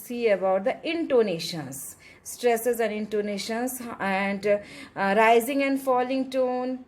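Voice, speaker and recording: A woman with an Indian English accent gives a pronunciation lesson at an unhurried pace. Her voice sits a little high, and she repeats key words slowly, mixing in Hindi phrases as she explains. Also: a little mellow. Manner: slow and deliberate, repeats words, switches into Hindi. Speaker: English teacher. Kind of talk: classroom lesson.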